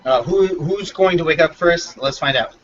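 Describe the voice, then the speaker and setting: A man's voice: fairly high pitch, normal speed, dull audio. A man running a tabletop game as game master, narrating loosely with lots of fillers.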